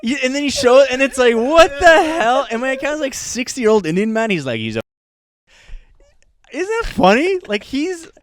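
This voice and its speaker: A man's voice: very high voice, very animated, moderate pace. A young man co-hosting a podcast, telling rambling stories in casual chat with lots of restarts. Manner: rambling storyteller, many restarts and laughs. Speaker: podcast co-host.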